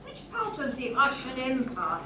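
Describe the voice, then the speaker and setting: A woman's voice: high voice, huge pitch swings, measured pace. A woman performing in an amateur panto comedy in a theatrical, mock-grand way. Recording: echoey room, far from mic, noisy.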